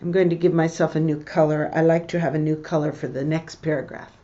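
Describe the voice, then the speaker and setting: A woman teaching English, reading a text aloud slowly and explaining words and intonation to her learners. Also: low-pitched, flat delivery, warm tone, dull audio. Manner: slow, deliberate reading with pronunciation comments.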